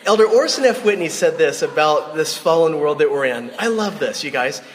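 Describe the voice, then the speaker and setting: A man giving a sermon to a live audience, telling stories in a lively, chatty way, often laughing and speaking straight to his listeners. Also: on the high side, moderate pace, long reverb tail. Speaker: devotional speaker.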